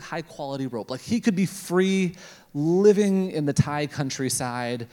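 A man from Canada, preaching a sermon as a lively comic storyteller who acts out his inner dialogue. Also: mid-range voice.

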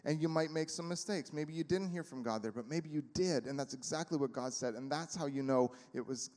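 Preaching in a church sanctuary with a reverberant hall sound, a male pastor chats his way through the sermon with plenty of fillers and little acted-out quotes. His slightly mellow voice is on the high side and a little fast.

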